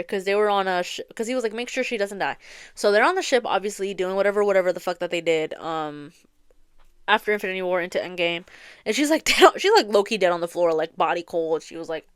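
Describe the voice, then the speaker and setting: Smooth-voiced young woman rambling casually. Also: medium pitch, fast talker, dry recording, clean studio sound. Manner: rambling, swears freely, heavy filler words. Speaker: podcast host. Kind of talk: casual storytelling chat. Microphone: close studio mic, audio only.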